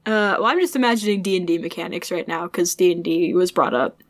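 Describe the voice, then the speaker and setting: A woman's voice: on the low side, fairly quick, dry recording. A woman co-hosting a casual book podcast, wryly retelling scenes as dialogue and laughing often. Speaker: podcast co-host.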